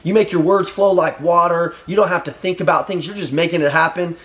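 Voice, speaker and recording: High-pitched, punchy male sales coach. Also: fairly even intonation, brisk, a bit bright. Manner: intense, punchy, repeats short commands; profane and blunt. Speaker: sales trainer. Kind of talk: motivational sales pep talk.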